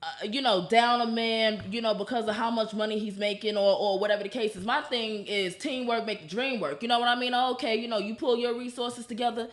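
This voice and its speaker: A woman guest on a podcast in casual chat, animated and opinionated, filling her talk with "you know". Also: fairly high pitch, fairly quick, hardly any pauses.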